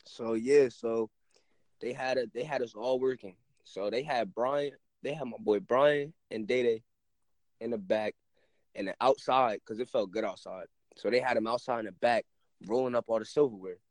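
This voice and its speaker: A man's voice: mid-range voice, moderate pace, no room sound. Laid-back young man, dry close sound. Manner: laid-back, rambling, self-interrupting. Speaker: storyteller. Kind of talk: casual chat.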